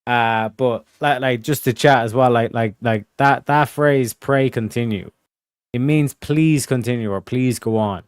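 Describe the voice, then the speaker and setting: A man's voice: mid-range voice, a little slow, hardly any pauses, clean tone, no room sound, studio quality. A man hosting a casual stream chat, rambling with many fillers and restarts over a video call. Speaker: streamer host.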